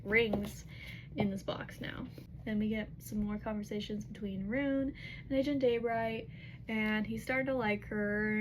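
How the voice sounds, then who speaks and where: A young woman casually retelling a novel's chapters, chatty and full of fillers, slipping into quick quoted lines in her own voice. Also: fairly high pitch, a little hiss or hum, poor audio. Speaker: book recap vlogger. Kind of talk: casual book recap.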